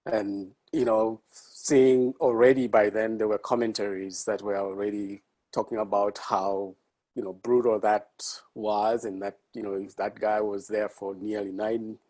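A man, a podcast guest and a father, speaking in a measured, thoughtful way, with some hesitations. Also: lowish voice, level tone, warm tone, rough recording. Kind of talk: reflective conversation.

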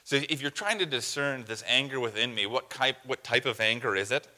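A man's voice: mid-range voice, fairly quick, bright, forceful tone, in a large hall. A man preaching a sermon as pastor, putting earnest, direct questions to his listeners.

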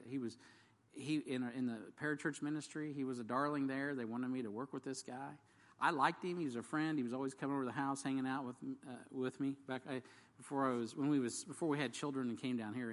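Rambling male storyteller in a reverberant hall. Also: medium pitch. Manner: rambling, acts out dialogue in varied voices. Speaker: ministry worker. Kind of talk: casual testimony storytelling.

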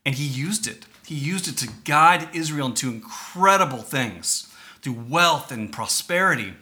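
A man's voice: on the high side, bright, forceful tone. A man preaching a sermon to his church, earnest and emphatic, reading scripture and asking the congregation questions. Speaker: pastor.

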